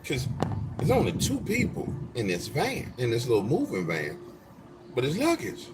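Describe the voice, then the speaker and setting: A man's voice: mid-range voice, wildly swooping pitch, moderate pace, very noisy. A man in casual live-stream chat, trash-talking viewers and telling stories in loose slang.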